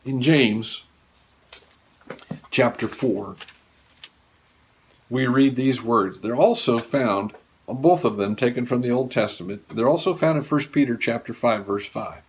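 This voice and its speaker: A male pastor preaching a sermon, earnestly, with wide swings from raised emphasis to hushed low lines. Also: measured pace, long pauses, slight background noise. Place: church.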